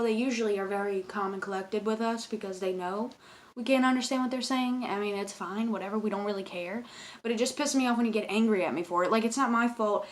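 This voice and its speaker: A young woman who works as a cashier, ranting casually and profanely about customers with exasperated emphasis. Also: on the high side. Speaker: convenience store cashier.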